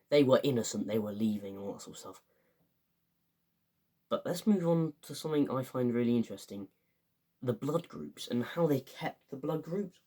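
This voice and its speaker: Rambling young lad. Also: male voice, fairly low pitch, dark tone. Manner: rambling, filler-heavy, enthusiastic, acts out quotes. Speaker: fan reviewer. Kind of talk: casual spoken review.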